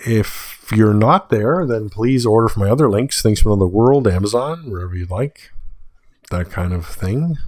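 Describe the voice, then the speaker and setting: A man's voice: medium pitch, a little mellow, dry recording. Tired male podcast host reading prices. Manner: reads sale prices in a list, with dry asides. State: tired, late-night. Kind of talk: solo podcast monologue.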